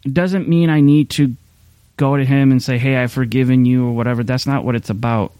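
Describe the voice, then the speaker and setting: A middle-aged man pastor talks through a sermon in a loose, candid way, circling back with fillers and restarts. His voice is mellow and smooth, and it sits close and dry on the mic. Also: medium pitch, fairly even intonation, a little fast, no room sound. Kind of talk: casual sermon talk.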